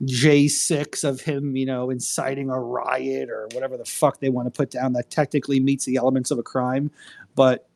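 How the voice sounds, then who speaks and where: A man's voice: mid-range voice, vocal fry, a little mellow. A man hosting a casual live chat, an attorney who rambles, curses freely and fills his talk with fillers. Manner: rambling, profane, many fillers. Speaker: host.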